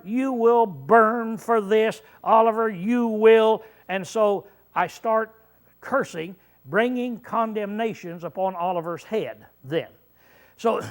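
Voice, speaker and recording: A man preaching with a fairly high voice, walking his congregation through a Bible passage. He asks them questions as he goes and keeps clearing his throat between halting fillers. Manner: teaching verse by verse, asking the listeners questions. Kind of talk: sermon.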